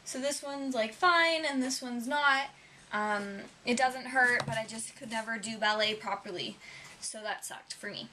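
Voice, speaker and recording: Bright-voiced young woman chatting. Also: on the high side, unhurried, a little hiss or hum. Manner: rambling, chatty, lots of "um" and "like". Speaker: vlogger. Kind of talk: casual chat to camera.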